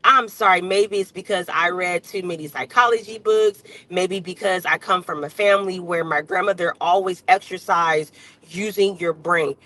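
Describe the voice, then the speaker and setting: A woman's voice: on the low side, moderate pace, pushed and bright, poor audio. A woman on a livestream, ranting bluntly with heavy cursing and lots of emphatic repetition. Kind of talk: unscripted livestream rant.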